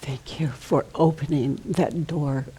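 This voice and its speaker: An older woman guiding a participant in a live workshop, soft and coaxing, sometimes dropping to a whisper. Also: low-pitched, slow, slight background noise, poor audio. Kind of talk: gentle guided coaching on stage.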